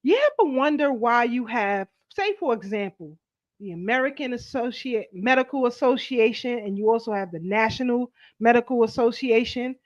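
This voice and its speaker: A woman hosting a casual commentary show, reading viewer comments and speaking in an animated, preachy way. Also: fairly high pitch, normal speed, dry recording. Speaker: host. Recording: dry, dull lo-fi sound.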